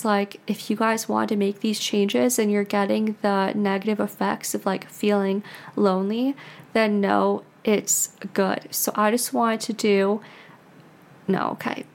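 Speaking with a creaky, medium-pitched voice, a woman from the United States in her twenties hosts a podcast. Her talk is a loose, confessional ramble, peppered with "like" and full of false starts.

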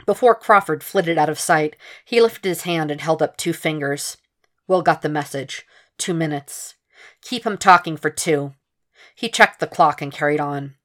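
Woman reading a fanfic audiobook, low voice, steady and measured. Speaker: podfic reader. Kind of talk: fan fiction audiobook narration.

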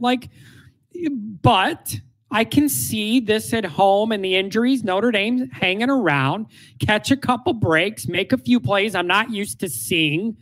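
A man with a high-pitched voice holding forth on sports in casual chat. He talks in an emphatic, opinionated way, pressing his points home. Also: a bit bright. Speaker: sports podcast co-host.

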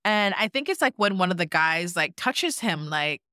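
A woman's voice: fairly low pitch, moderate pace, dry recording, clean studio sound. A young woman co-hosting a podcast, telling a reality-show story in casual chat and acting out what people said. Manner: animated storytelling, acting out quotes with lots of "like". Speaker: podcast co-host.

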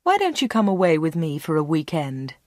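A woman voicing a secretive, smooth-talking male shopkeeper in a storybook reading, persuasive and insistent. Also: deep voice, wildly swooping pitch, brisk, no room sound, clean studio sound. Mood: coaxing.

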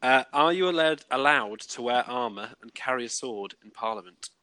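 A man's voice: medium pitch, expressive, moderate pace, bright, forceful tone, dry recording. A man with a Northern English accent chatting on a podcast, laughing and teasing while reading out quiz facts. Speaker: podcast co-host. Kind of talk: casual chat.

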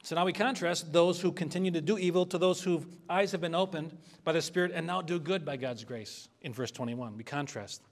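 A man's voice: a little high, brisk, few pauses. A man preaching an expository sermon as a pastor, earnest and conversational, asking the congregation for responses.

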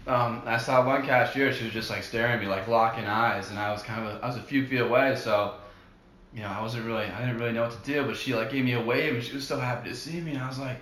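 A man's voice: medium pitch, fairly even intonation, quick pace, a bit bright, roomy sound. A young man from New Jersey co-hosting a casual podcast chat, goofy and full of surfer slang. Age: young adult. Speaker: podcast co-host.

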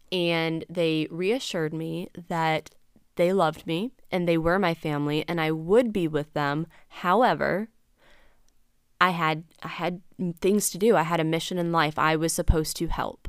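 A young adult woman hosts a podcast in a low, clear, resonant voice with fairly even intonation and a moderate pace. She tells a personal story candidly and ramblingly, full of fillers and acted-out dialogue, in clean studio-quality sound with no room echo.

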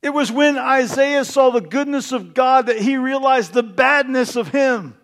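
Man, pastor, sermon, high voice, repeats phrases, hushed to emphatic. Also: measured pace. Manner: swings from hushed and intimate to loud and emphatic.

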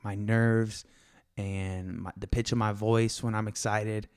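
Excitable man on a solo podcast. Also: fairly low pitch, smooth. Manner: fast, excitable, animated storytelling. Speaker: podcast host. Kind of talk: casual solo podcast talk.

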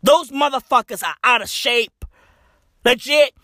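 A speaker delivering a profane, mocking comic rant, swinging between loud and soft. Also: high-pitched, unhurried, no room sound, studio quality. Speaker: comedian.

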